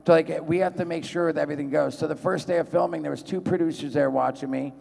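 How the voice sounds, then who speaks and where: A man's voice: a little high, fast, gravelly. A man, telling rambling, profane stories at a convention panel. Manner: profane, rambling, animated voices in quotes. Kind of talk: storytelling to a live audience. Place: large convention hall. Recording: long hall reverb.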